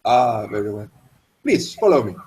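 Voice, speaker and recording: A man's voice: fairly low pitch, very animated, moderate pace, darkish tone. Man doing a formal French-accented doorman. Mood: polite. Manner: polite, formal, bowing.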